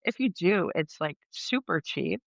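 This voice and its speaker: A woman co-hosting a podcast, chatty and animated, laughing easily. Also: lowish voice, a little slow, creaky, dry recording. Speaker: podcast co-host. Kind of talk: casual chat. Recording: dull, dry, slightly lo-fi.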